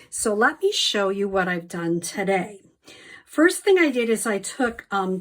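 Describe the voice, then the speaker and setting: A woman walks viewers through a craft project at an unhurried pace, her voice sitting at an ordinary middle pitch. She is chatty and upbeat, filling pauses with ums and breaking off for small enthusiastic asides. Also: fairly bright tone. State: slight allergy cough. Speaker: card-making demonstrator. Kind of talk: casual craft tutorial.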